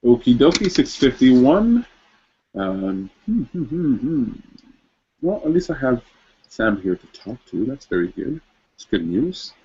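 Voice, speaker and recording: A man's voice: on the low side, mellow, husky. A male host chatting casually and rambling with lots of fillers while setting up a live online show. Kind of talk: casual livestream chat. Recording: dull lo-fi stream audio.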